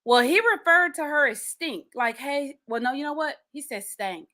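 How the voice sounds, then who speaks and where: A woman hosting a podcast in a casual solo chat, speaking straight to her listeners with lively, animated delivery. Her voice is bright and forward and sits a little high for a woman, and she doubles up her words when she presses a point. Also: normal speed. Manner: animated and chatty, addresses listeners directly, repeats words when stressing a point. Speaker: podcast host.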